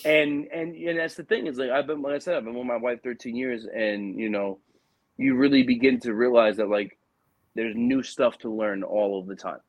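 A man's voice: mid-range voice, normal speed, dry recording. Chatty man telling stories, lots of fillers. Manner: animated storyteller, many fillers like "like" and "you know". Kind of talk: casual chat.

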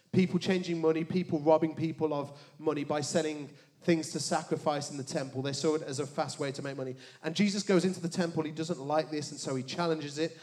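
A man preaching a sermon, animated, with joking asides and dramatic hushed emphasis on key words. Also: fairly high pitch. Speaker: pastor.

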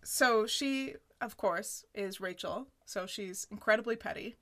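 A woman co-hosting a podcast, casually recapping a sitcom episode in an animated way, with lots of "like" and laughter. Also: mid-range voice, a little slow. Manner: animated retelling, full of "like" and laughter. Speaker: podcast co-host.

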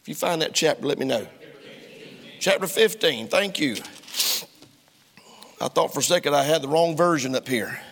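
A male pastor preaching a sermon in a church, folksy and emphatic, climbing to loud heated preaching. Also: a little high, animated, moderate pace, pauses often, slight background noise. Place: church sanctuary. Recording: long reverb of a church hall.

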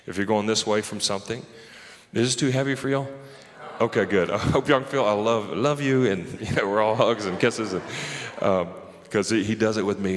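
A man preaching a sermon in a loose, conversational way, often laughing and talking straight to the crowd. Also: on the low side. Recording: long hall reverb.

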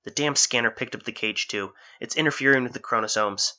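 A man's voice: mid-range voice, fairly quick, bright, forceful tone. A man doing a blunt, tough woman agent. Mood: annoyed. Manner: blunt, muttering, swears.

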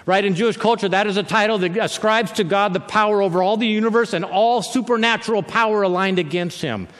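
A man with a fairly high voice preaches in a loose, conversational way and keeps checking in with his listeners. His words echo with the long reverb of a large hall. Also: fast talker, a bit bright. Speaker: pastor. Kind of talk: sermon.

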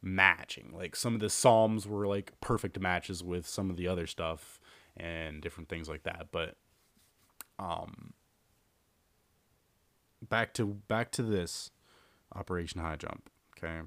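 A man's voice: low voice, measured pace, long pauses, fairly bright tone, no room sound. A man hosting a podcast, casually telling a long story with lots of fillers and restarts. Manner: rambling, filler-heavy, repeats himself. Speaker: podcast host.

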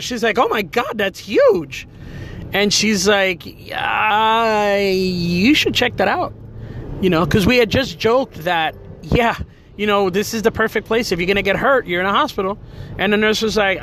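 A middle-aged man with a fairly high voice tells a family story in an easygoing, rambling way. He leans on filler words and keeps checking in with tag questions. A faint car hum sits under his voice. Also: fairly bright tone. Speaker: father telling a family story. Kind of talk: casual personal storytelling.

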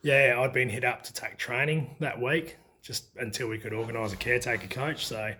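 A middle-aged Australian man spins old football yarns in a loose, chatty interview. He keeps breaking into laughter as the stories unfold, his voice sitting at an everyday middle pitch. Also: steady tone, brisk, pushed and bright, a little hiss or hum. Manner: laughs often while telling stories. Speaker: former country footballer. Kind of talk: casual storytelling interview.

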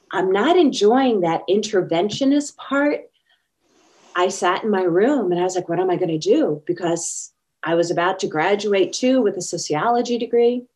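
A slightly mellow, lowish female voice. She's being interviewed and recounts personal experiences in an earnest way, voicing the quotes within her stories.

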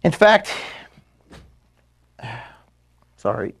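A man giving a farewell address to his staff, filmed in an office room. He is close to tears and halting, and he stops to apologize as he speaks. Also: a bit bright. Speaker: organization founder giving a farewell speech to staff.

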